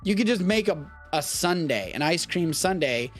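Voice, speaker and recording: A man's voice: fairly high pitch, animated, moderate pace, faint music behind. A young man from Texas hosting a live stream, chatting casually and riffing with profanity. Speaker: host of a live streamed show.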